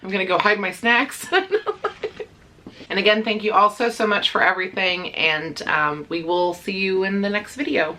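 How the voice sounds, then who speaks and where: Bright chatty woman talking to her camera, lots of ums and little laughs, faint hiss behind. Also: mid-range voice, steady tone, brisk, hardly any pauses. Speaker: pet vlogger. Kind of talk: casual talking-to-camera vlog.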